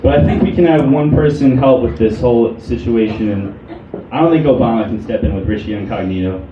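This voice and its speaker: Young stand-up comic with a halting delivery. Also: male voice, medium pitch, lo-fi sound. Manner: deadpan, halting, many ums and restarts. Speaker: stand-up comedian. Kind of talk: stand-up comedy set. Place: comedy club stage. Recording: roomy club audio from a distant mic with room noise.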